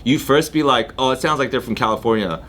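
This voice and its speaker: A man co-hosting a casual podcast, explaining his view deliberately. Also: medium pitch, fairly bright tone, a little hiss or hum. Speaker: podcast co-host. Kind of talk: casual chat.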